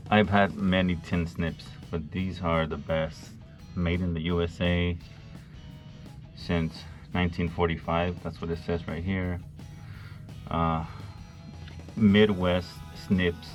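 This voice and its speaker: A man's voice: deep voice, flat delivery, takes it slowly, pauses often, faint music behind. A man, an HVAC technician, chatting wryly to the camera while he works on a job site. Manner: chatty, wry, talking to the camera while working. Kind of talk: casual on-the-job vlog.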